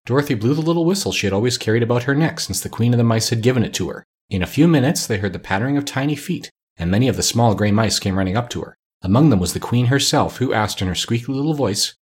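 A man narrating a children's storybook aloud in a measured, unhurried way. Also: mid-range voice, lively intonation, breathy edge.

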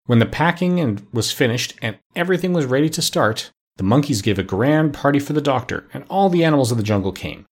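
A man narrates a children's storybook with expressive, animated delivery. His voice is husky, with a lively pitch that rises and falls through the sentences. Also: fast, hardly any pauses. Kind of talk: reading a children's story aloud.

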